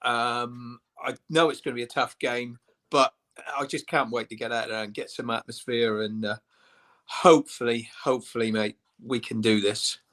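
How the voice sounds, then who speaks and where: An older man chats as a guest on a casual fan livestream, hearty and matey in the way he talks. His voice is bright and forceful, with a punchy edge. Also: mid-range voice, steady tone, normal speed.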